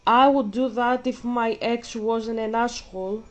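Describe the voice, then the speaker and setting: A woman's voice: fairly high pitch, fairly even intonation, measured pace, highs cut off. A woman vlogger ranting in casual commentary while gaming, blunt and profane, a bit out of breath.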